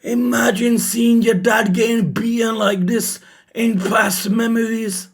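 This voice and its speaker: A man reacting live to a manga chapter, emotional and shouting, swearing often. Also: very high-pitched, steady tone, slow. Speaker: reaction streamer.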